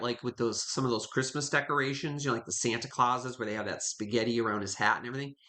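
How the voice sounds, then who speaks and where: A man runs a live online sale, chatting to viewers and greeting them by name. He gushes over each piece he holds up, in an easy middle-pitched voice. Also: sharp tone. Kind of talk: live online auction selling.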